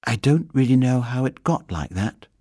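A man voicing a small, polite young bear in a storybook reading, meek and high-pitched. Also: animated, moderate pace, warm tone, slightly rough, no echo, clean studio sound.

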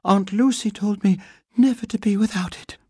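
A man voicing a small, polite young bear in a storybook reading, meek and high-pitched. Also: big pitch swings, unhurried, warm tone, breathy edge, dry recording, clean studio sound. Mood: panting.

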